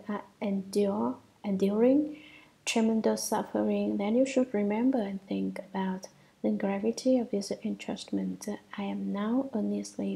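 A woman reading a Buddhist sutra commentary aloud in a measured way, at times half-whispered, with small restarts. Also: mid-range voice, gravelly, noisy background.

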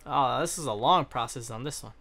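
A man's voice: mid-range voice, fairly quick, a bit bright. A young man giving casual let's-play commentary, rambling, swearing freely and often trailing off mid-thought. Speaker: gaming channel host.

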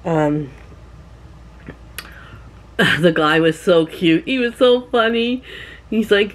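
A woman's voice: fairly low pitch, animated, slow, pauses often. A middle-aged woman from Canada chatting to her camera at home, rambling through stories with laughs. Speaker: vlogger. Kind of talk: casual chat to camera.

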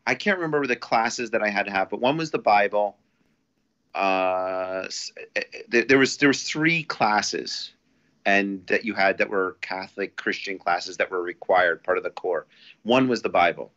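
A man's voice: lowish voice, normal speed. Rambling man telling a story, lo-fi. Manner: rambling, many restarts, animated when quoting. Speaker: podcast guest. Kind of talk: casual storytelling. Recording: dull lo-fi audio.

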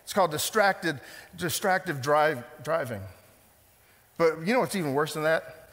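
A man preaching to his congregation in a slightly high voice, driving points home with repetition and direct questions. His voice rings with the long reverb of a church hall. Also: normal speed, long pauses, fairly bright tone. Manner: emphatic preacher, repeats phrases, questions the congregation. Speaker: pastor. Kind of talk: sermon.

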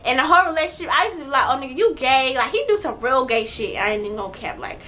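A young adult woman telling a story on her vlog, blunt, profane and animated, her voice swinging louder at times. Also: high voice, racing, a little hiss or hum. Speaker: vlogger.

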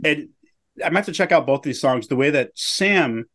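A man's voice: a little high, animated, moderate pace, fairly bright tone. Jokey man co-hosting a podcast. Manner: jokey, easygoing banter. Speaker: podcast co-host. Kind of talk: casual recap chat.

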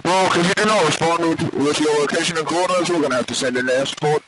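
A man's voice: on the high side, quick pace, background noise, lightly acted. A young man putting on a male military commander giving clipped formal radio commands. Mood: commanding.

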